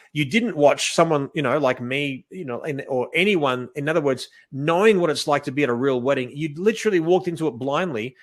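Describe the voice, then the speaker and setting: A man teaching wedding photography in a casual, animated way, acting out what he says to couples and often restarting his sentences. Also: a little high, fairly quick. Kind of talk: casual coaching talk.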